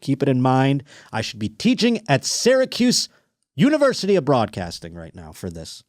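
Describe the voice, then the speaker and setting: A man's voice: mid-range voice, wildly swooping pitch, normal speed, no room sound. Dry-sounding crude comedic podcast host man. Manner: crude, sarcastic riffing on listener stories. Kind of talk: comedic news commentary.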